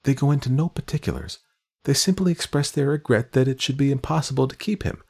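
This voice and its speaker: A man's voice: mid-range voice, fast talker, darkish tone, husky, voice pushed up. Man doing a formal, anxious young governess. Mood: worried. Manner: formal, precise, worried.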